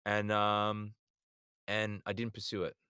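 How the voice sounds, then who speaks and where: A man's voice: fairly low pitch, completely flat delivery, takes it slowly, pushed and bright, clear, resonant tone, no room sound, clean studio sound. A man with an Australian accent, a voice actor guest telling stories in a laid-back, rambling way on a podcast. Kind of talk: casual podcast chat.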